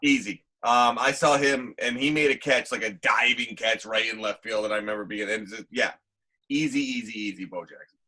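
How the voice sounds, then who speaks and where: A man's voice: lowish voice, fairly quick, pushed and bright. A man co-hosting a casual sports podcast, cracking blunt and crude jokes. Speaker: podcast co-host.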